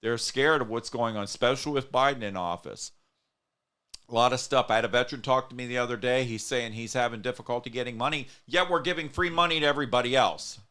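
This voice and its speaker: A man's voice: medium pitch, quick pace, sharp tone, clean tone. Earnest man hosting a talk show. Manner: earnest, rambling, speaks straight to viewers. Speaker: show host. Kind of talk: casual talk show chat.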